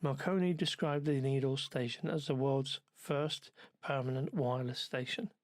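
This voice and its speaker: A man's voice: fairly high pitch, no room sound. Dry, sardonic male travel narrator. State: ill with covid. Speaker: travel vlogger.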